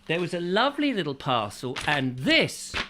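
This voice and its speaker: A man's voice: a little high, sing-song, normal speed, background noise. A man hosting a casual live-stream chat show, greeting viewers and joking around in a playful manner. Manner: playful, jokey, drifting into silly voices. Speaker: host.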